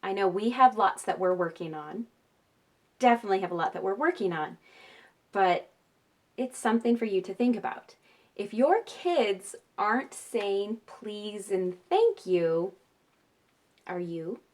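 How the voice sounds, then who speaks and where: Chatty mom giving parenting tips. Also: female voice, mid-range voice, expressive, a little slow, long pauses, a little mellow. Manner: chatty, with frequent tag questions and laughter. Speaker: parenting vlogger and mother. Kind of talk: casual parenting advice talk.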